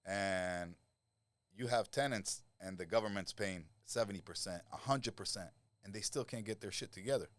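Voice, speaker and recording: A middle-aged man, a lifestyle coach talking as a podcast guest, who tells animated stories, swears freely and acts out the people he quotes. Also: fairly low pitch, normal speed, no echo. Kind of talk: casual podcast conversation.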